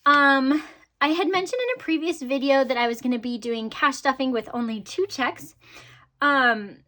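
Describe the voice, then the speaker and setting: A woman's voice: high-pitched, expressive, normal speed, pushed and bright. A woman vlogger chatting casually to her viewers about her budget, upbeat, with frequent ums and laughs. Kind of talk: casual chat to camera.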